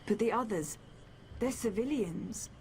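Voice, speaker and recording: A woman's voice: mid-range voice, measured pace, a little mellow, a little hiss or hum, natural voice. A woman voicing a determined female soldier ally in a game, urgent and commanding.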